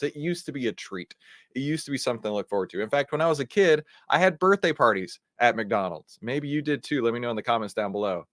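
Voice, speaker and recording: A man, hosting an energetic news commentary show, talking in an animated, incredulous, conversational way. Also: mid-range voice, no room sound, studio quality. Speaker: host.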